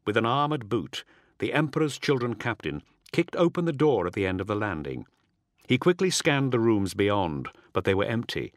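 A man narrating an audiobook with a dramatic, expressive reading. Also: lowish voice, normal speed, dry recording, studio quality. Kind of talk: scripted narration.

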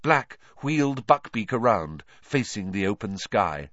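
A man's voice: fairly low pitch, very animated, measured pace, fairly bright tone, no room sound, muffled recording. A man narrating an audiobook, reading expressively and voicing the characters.

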